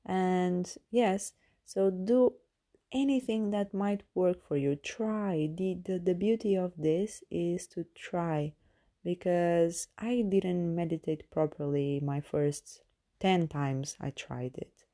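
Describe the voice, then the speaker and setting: A woman's voice: fairly low pitch, slow pace, dark tone. A woman who is not a native English speaker hosts a podcast as a coach, talking through meditation tips with many fillers and restarts. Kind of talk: casual self-help monologue.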